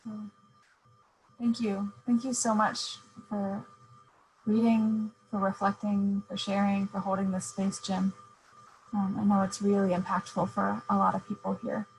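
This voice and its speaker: Slow, soft-spoken woman host. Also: mid-range voice, level tone, gravelly, slight background noise, poor audio. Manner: slow, soft, many fillers. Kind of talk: moderating a virtual book event. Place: video call.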